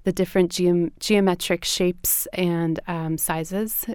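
A woman guest explaining her arts education work in a measured way, with frequent fillers. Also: on the low side, fairly even intonation, darkish tone, clean tone, no room sound, studio quality. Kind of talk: interview answers.

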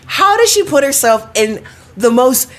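A young woman co-hosting a casual chat podcast, animated, laughing often and swearing casually. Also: high voice, measured pace. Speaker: podcast co-host.

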